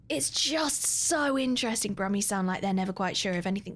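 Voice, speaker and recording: Animated British woman streaming. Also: medium pitch, normal speed. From Britain. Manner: animated, chatty, laughing. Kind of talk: live gameplay commentary.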